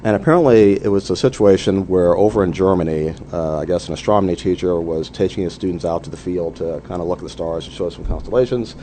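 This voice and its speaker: A man's voice: sits low, quick pace, few pauses, warm tone, a little hiss or hum. A man speaking as a guest in a radio interview, telling anecdotes with lots of "you know" fillers.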